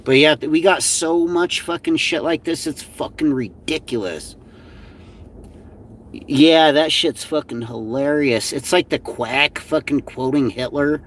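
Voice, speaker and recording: A man's voice: a little high, a little slow, a bit bright, a little hiss or hum. A man co-hosting a livestream, talking casually and exasperatedly, swearing constantly and filling his talk with "like". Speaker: livestream co-host. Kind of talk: casual profane commentary.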